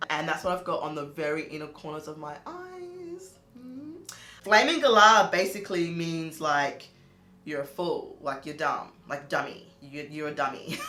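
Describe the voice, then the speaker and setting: A woman's voice: low voice, a bit bright, echoey room. An Australian woman reviewing makeup in a casual, chatty vlog, full of "like" and self-amused laughs. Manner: chatty, lots of "like", laughs at herself. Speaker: beauty vlogger. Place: home room.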